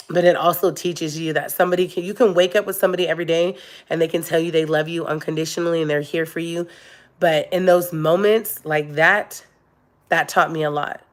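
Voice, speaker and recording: A young adult woman talking candidly and emotionally to her viewers on a live stream, with many fillers. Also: deep voice. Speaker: vlogger. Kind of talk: casual live-stream chat.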